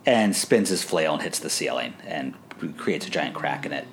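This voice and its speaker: A deep-voiced man recapping a TV episode in relaxed podcast chatter. His pitch swings widely as he laughs and slips into silly voices for quoted lines. A faint hum sits under the recording. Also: moderate pace, creaky. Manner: animated, laughing, acts out quotes in funny voices. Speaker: podcast co-host. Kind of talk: casual TV episode recap chat.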